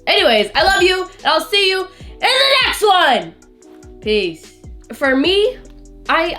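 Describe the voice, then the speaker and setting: A woman's voice: a little high, fairly bright tone. Chatty teen girl vlogger. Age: late teens. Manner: chatty, heavy use of "like", slangy. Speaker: vlogger host. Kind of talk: casual chat while eating.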